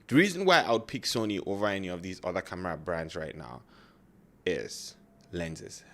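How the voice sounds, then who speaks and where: A man with a non-native English accent, talking casually to camera about photography gear, rambling and correcting himself with many fillers. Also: sits low. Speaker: photography YouTuber.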